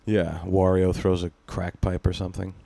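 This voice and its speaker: Low-voiced man in rambling podcast banter. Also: monotone, normal speed, creaky, dark tone. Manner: rambling, profane, laughs often. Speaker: podcast host. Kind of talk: casual chat.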